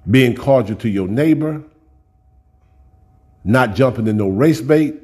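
A man's voice: medium pitch, expressive, a little slow, darkish tone, breathy edge. A man preaching a sermon in a folksy, direct way, often repeating words as he builds up a point.

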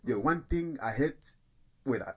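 A man's voice: mid-range voice, expressive, measured pace, a little mellow, husky. A man from Africa with an African accent, a stand-up comedian chatting casually and laid-back, often repeating himself. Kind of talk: casual podcast chat.

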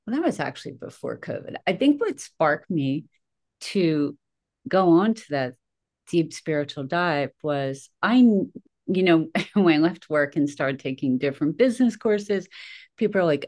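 On her podcast, a middle-aged woman with a strikingly low voice chats casually at a normal speed. She tells lively stories about herself and laughs at her own expense a lot.

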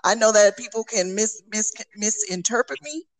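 A woman with a mid-pitched voice speaks reflectively and haltingly. She restarts her sentences often and keeps checking that she is understood. Her talk is casual and candid. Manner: reflective, halting, many restarts and "you know what I'm saying". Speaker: podcast co-host.

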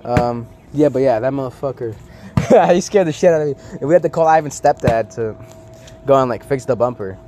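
A man's voice: mid-range voice, fairly quick. A young man in casual chat with friends, telling a story with lots of laughs and acting out what others said. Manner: animated, laughing, acts out friends' lines.

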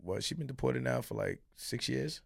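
A man's voice: medium pitch, wildly swooping pitch, moderate pace, creaky, slightly rough, no room sound, studio quality. A man from Miami, a podcast guest, arguing his points emphatically with plenty of profanity. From Miami, Florida. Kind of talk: heated podcast debate.

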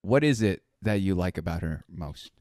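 A man's voice: deep voice, expressive, moderate pace, a little mellow, no room sound, clean studio sound. A man hosting a casual relationship chat, playful and teasing, repeating himself as he reacts. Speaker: host.

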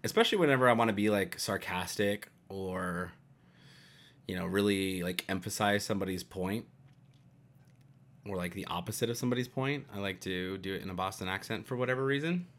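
Young male podcast co-host, lowish voice, rambling playful chat. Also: a little fast, fairly bright tone. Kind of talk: casual chat.

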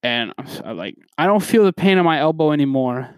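A man's voice: on the high side, quick pace, smooth, no echo. Young male podcast host, crude rambling rants, dry close sound. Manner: profane, animated, rambling. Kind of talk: casual ranting monologue.

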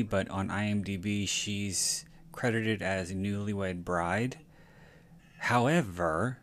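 A man's voice: lowish voice, a little hiss or hum. A man hosting a podcast, giving casual movie commentary in a rambling way, often correcting himself and swearing. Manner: rambling, frequent self-corrections and profanity. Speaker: podcast host.

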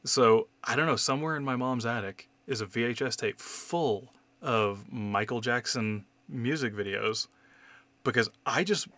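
A man in his thirties talking in a casual podcast chat, candid and animated, swearing freely as he tells stories. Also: medium pitch, a little slow, dry recording. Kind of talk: casual conversation.

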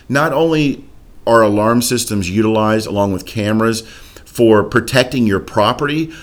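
A man with a fairly low voice talks through personal safety advice in an earnest, unscripted way, pausing often on "uh" as he gathers his thoughts. He speaks as a podcast host and former police officer. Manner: earnest, conversational, many "uh" fillers.

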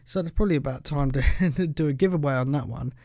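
A young man talks through a casual solo podcast in a rambling, chatty way. He keeps falling back on the same filler and chuckles between points. His voice sits a bit high, and it is recorded dry and close. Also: fast, dark tone, no echo. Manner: rambling and chatty, leans on the filler "pretty much", chuckles often. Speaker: podcast host.

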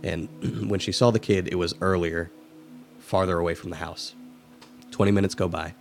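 A man co-hosting a podcast, reading a spooky story aloud in a steady, measured way. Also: low-pitched, creaky, faint music behind. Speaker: podcast co-host.

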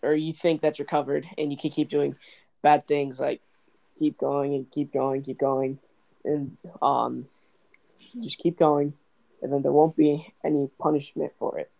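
Gravelly man, halting casual speech. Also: on the high side, level tone, mellow, rough recording. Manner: halting, loses his train of thought. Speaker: podcast co-host. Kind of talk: casual faith discussion.

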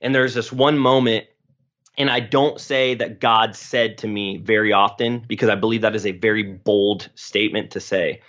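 A man's voice: on the low side, fairly even intonation, moderate pace, fairly bright tone. A man in his late twenties telling his personal story as a podcast guest, earnest and emotional, with phrases tumbling over each other. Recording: dull lo-fi recording.

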